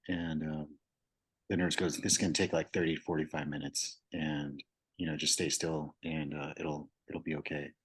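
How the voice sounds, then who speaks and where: Podcast guest: young man, very low, husky voice, casual and candid storytelling with filler words. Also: rough recording. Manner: candid, loose, swears, many fillers.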